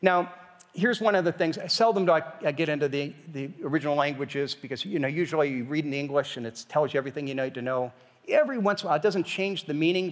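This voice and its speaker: Man, pastor, conversational sermon, emphatic rising questions, high voice, long reverb.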